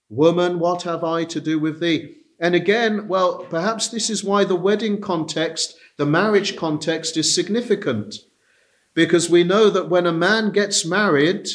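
A man preaching an expository sermon at a measured pace, pausing often on "uh" as he works through a verse. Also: fairly high pitch, a bit bright. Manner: measured, deliberate, with frequent "uh" pauses.

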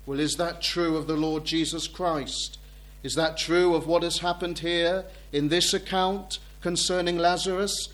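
A man delivers a sermon at an unhurried, measured pace. His voice sits high for a man. He reads scripture in old-fashioned wording and drives points home through repetition. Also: little pitch movement, a bit bright. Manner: slow, deliberate preaching with emphatic repetition. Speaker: preacher.

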